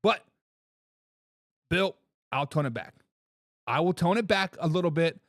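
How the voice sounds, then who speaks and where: Brief: high-voiced male sports-stream host, bouncy and excitable, teasing his chat, dry close sound. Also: a little slow, dry recording. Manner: excitable, laughs and repeats himself, teases commenters. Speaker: sports talk show host. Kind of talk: live-stream chat reading viewer comments.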